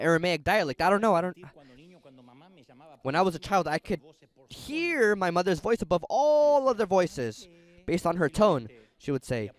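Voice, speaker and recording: Middle-aged guy preaching, kinda high voice that swings all over, chatty and animated with the crowd. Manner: animated storytelling sermon with acted-out quotes; emphatic and conversational with the audience. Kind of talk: sermon.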